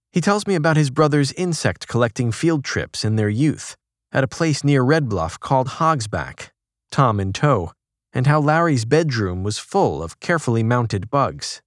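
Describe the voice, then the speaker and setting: Man, magazine profile narration, measured reading, softer for quotes, dry close sound. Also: medium pitch, no room sound. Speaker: article narrator.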